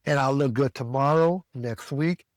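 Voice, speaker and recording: A man from the American South telling a story as a podcast co-host, animated and profane, jumping higher when he quotes himself. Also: normal speed, dry recording, clean studio sound. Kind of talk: casual storytelling rant.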